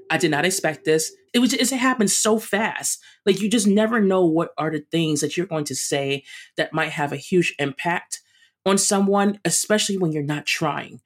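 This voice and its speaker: A woman with a New York accent, a runner and chef, telling her story as an interview guest in an animated, emphatic way with quick restarts. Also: lowish voice. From New York City.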